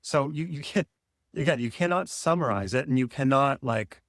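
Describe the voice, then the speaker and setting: A man thinks out loud to the camera in a wandering, questioning monologue, cutting himself off and tossing in playful asides. His voice sits in a middling range. The sound is close and dry, with no room echo. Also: mid-range voice, expressive, moderate pace. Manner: musing, self-interrupting, playful asides. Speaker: vlogger. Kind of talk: rambling philosophical monologue.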